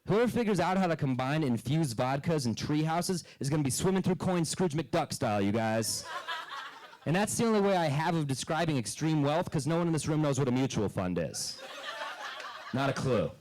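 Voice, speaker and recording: A man doing a stand-up comedy set on a club stage into a handheld mic, dry and deadpan, breaking into loud character bits. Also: fairly high pitch, normal speed, low-quality recording.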